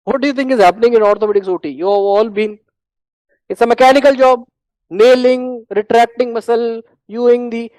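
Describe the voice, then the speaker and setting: A teacher with an Indian English accent giving a classroom lecture on medical exam prep, repeating points emphatically and clearing the throat often. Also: mid-range voice, darkish tone, no room sound, rough recording.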